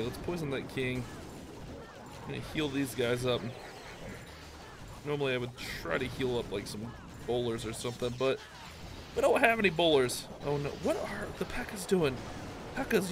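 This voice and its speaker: A mid-pitched man narrates his own gameplay in a loose, rambling way, poking fun at himself between moves. He breaks into excited, higher outbursts when things go wrong. A steady background noise runs under his voice the whole time. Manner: chatty, rambling, self-mocking, excitable outbursts. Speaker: gaming YouTuber. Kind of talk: live gameplay commentary.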